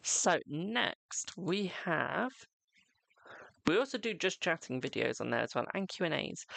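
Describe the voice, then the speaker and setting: Casual British male streamer, gravelly tone, dry close sound, chatty and self-deprecating. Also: fairly high pitch, very animated, unhurried, a bit bright, dry recording. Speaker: tarot reader and live streamer. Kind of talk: casual live-stream chat.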